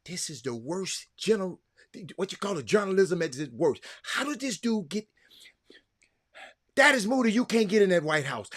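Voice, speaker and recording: A man's voice: sits high, animated, normal speed, fairly bright tone. A man giving fired-up political commentary, preaching straight to his listeners.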